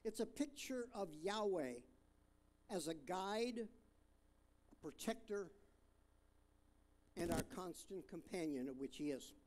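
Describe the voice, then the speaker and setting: A man preaching a sermon, reading scripture aloud and talking it through in a halting way with fillers and restarts. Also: high voice, animated, darkish tone. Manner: reads scripture aloud, stressing different words.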